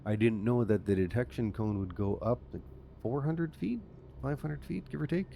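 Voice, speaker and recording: A man's voice: mid-range voice, moderate pace, gravelly, dark tone, a little hiss or hum. A man from Canada giving rambling, self-amused commentary while playing a game as a channel host. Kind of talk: casual let's-play commentary.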